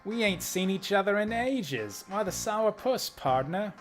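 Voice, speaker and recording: A man's voice: high voice, lively intonation, unhurried, faint music behind, pitched above the performer's own voice. A man voicing a flirty female theater owner with a southern drawl, reading game dialogue aloud. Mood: teasing. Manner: drawling, sassy, calls people darling.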